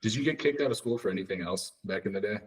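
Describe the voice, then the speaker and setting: Low-voiced man hosting casually. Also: rapid-fire, husky. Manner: brief reactions and questions. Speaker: podcast host. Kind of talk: casual chat.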